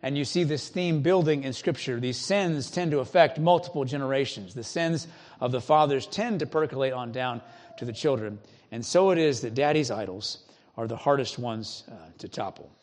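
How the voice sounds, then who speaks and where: A man preaching a sermon as a pastor, speaking in an earnest, conversational way with emphatic pauses. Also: medium pitch, darkish tone.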